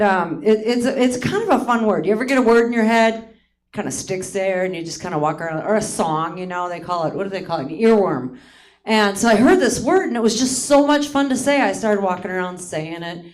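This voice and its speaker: With a medium-pitched voice, lively intonation and a slightly fast delivery, this woman in her late fifties from Hawaii performs self-deprecating stand-up in a theater, laughing at her own material.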